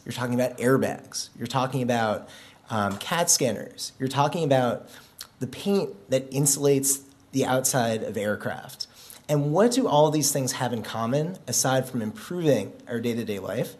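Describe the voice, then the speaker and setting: A man's voice: mid-range voice, darkish tone. A man giving a humorous, conversational policy speech at a conference, with self-deprecating jokes. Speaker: conference speaker, policy director. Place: conference venue.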